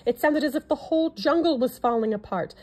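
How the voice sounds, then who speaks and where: A woman reading a classic children's picture book aloud in an expressive storytelling manner. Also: high-pitched, brisk.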